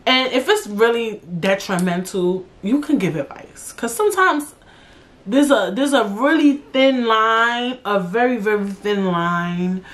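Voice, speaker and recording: Woman, solo podcast host, blunt, swears freely, casual rant. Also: measured pace. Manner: blunt, profane, animated with big pitch jumps.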